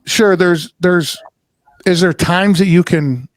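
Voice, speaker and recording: A middle-aged man with a voice pitched a little high for a man tells a story in a loose podcast chat. He talks animatedly, drops curse words freely and laughs along the way. The sound is dry and close, with no room in it. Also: slow pace, no room sound. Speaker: podcast host. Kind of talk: casual chat.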